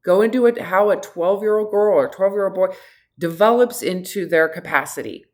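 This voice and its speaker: A middle-aged woman coaching a client one-on-one in a frank, direct and animated way. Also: mid-range voice, brisk. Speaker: health coach. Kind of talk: one-on-one consultation.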